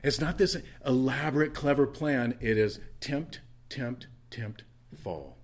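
A male pastor delivering a sermon in a church, telling a Bible story with animated asides and quick character voices. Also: mid-range voice.

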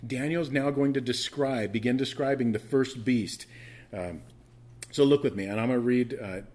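A male pastor delivers a sermon with a slightly husky, breathy voice at a middling pitch. He teaches conversationally, restarting and adding asides, then drives points home by repeating phrases and pushing into loud, emphatic bursts. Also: moderate pace.

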